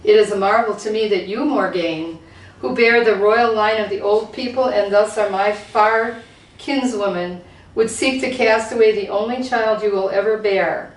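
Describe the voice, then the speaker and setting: A woman's voice: mid-range voice, normal speed, natural voice. A woman reading as an ancient regal fairy lady. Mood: solemn. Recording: roomy hall, voice from far off.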